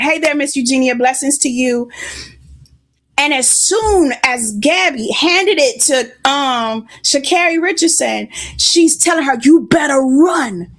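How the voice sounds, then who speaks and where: Lady preaching, stuffy nose, high voice, tells it like a story. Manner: storytelling preacher, greets viewers by name. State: congested, sniffling. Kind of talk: sermon.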